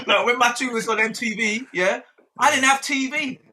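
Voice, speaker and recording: Bright-voiced man, swearing storyteller. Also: very high-pitched, normal speed. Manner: swears freely, storytelling with quoted dialogue. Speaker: podcast co-host. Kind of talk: casual chat.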